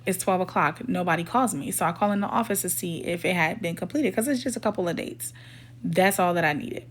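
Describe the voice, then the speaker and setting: A woman's voice: fairly low pitch, a little fast. A woman telling a personal storytime in a casual, emphatic and indignant way, voicing the people in her story as she goes. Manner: emphatic, indignant retelling that acts out quoted dialogue. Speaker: storytime vlogger.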